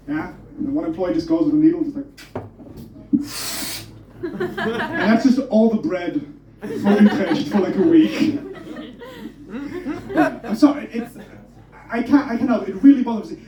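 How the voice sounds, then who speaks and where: A young stand-up comedian from Germany talks in a high, animated voice that keeps tripping over itself. His tone is mellow and dark. The recording is roomy and dull, as if taken from the back of a club. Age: young adult. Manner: animated, self-interrupting, laughing between jokes. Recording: roomy, muffled club audio from a distance.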